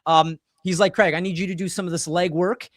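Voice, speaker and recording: A man in his forties hosting a casual podcast chat, telling animated, rambling stories full of restarts. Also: sits high, brisk, no echo, studio quality. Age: 40s. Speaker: podcast host.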